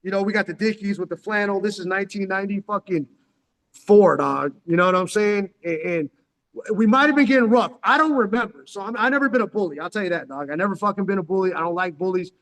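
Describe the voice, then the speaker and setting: This man's voice is high-pitched and fairly bright, and he talks fast. He's a vlogger in his forties from San Diego with headphones on, spinning a casual, cursing story full of "dog," recorded with long echoing reverb.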